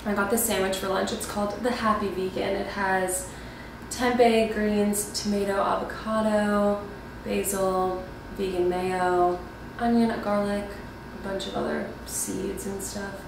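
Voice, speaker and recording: A woman's voice: mid-range voice, flat delivery, unhurried, vocal fry. A young woman in her twenties chatting casually and upbeat in a lifestyle vlog, full of fillers. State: out of breath. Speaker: lifestyle vlogger. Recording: echoey, distant from the mic, with background noise.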